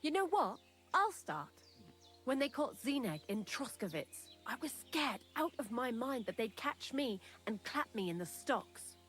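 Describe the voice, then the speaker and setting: A woman's voice: a little high, sing-song, a little slow, a bit bright, soft background music. A woman voicing a talkative young woman hiding out in a thieves' lair in a video game, candid and dryly morbid. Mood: chatty. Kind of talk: game character dialogue.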